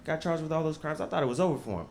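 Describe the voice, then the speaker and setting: A man from the United States performing a stand-up comedy set with punchy, animated delivery and casual swearing. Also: fairly high pitch, racing, a little hiss or hum.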